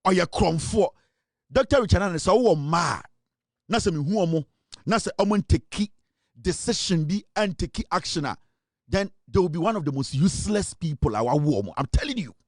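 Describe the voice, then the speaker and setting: A man's voice: sits high, animated, brisk, no room sound, clean studio sound. A man with a Ghanaian accent giving impassioned political commentary, switching between Twi and English and rising to exclamations.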